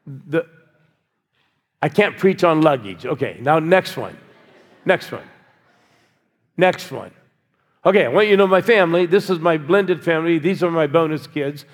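An older man preaching a sermon, coaxing his congregation to answer back and cheer. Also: high voice. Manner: exhorting, coaxing a congregation with call-and-response. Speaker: pastor. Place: large church hall. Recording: church hall with long reverb.

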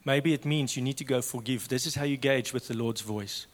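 A man preaching a sermon with passion, swinging from loud to hushed. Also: medium pitch, brisk, long reverb tail.

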